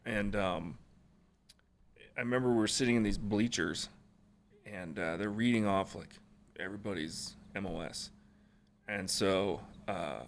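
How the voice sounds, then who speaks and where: A former Marine from Alaska tells stories on a podcast, casual, profane, and blunt, laughing along the way. His voice is deep, with a little hiss or hum in the recording.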